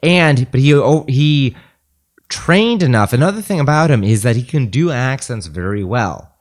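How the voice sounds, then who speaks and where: A man's voice: mid-range voice, expressive, normal speed. A man co-hosting a podcast, earnestly telling a long anecdote about a friend in casual chat. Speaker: podcast co-host.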